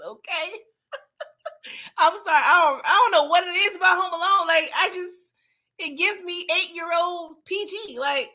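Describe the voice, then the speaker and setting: A high-pitched woman runs a casual livestream late at night, animatedly reading out viewer comments, laughing frequently and joking around in slang.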